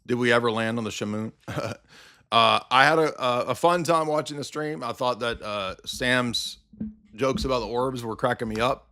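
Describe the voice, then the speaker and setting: A male livestream host rants with a combative, sarcastic edge, firing off quick asides and jabs. His voice is bright and forceful, sitting in a middle pitch for a man. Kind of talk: livestream commentary rant.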